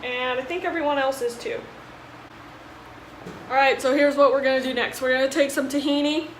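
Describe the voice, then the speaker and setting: A young adult college student vlogs her cooking casually, her high-pitched voice steady in tone and fairly quick, with a little hiss or hum on the track. She's chatty, self-deprecating, and often exasperated at her own mishaps, and dishes clatter in the echoey room.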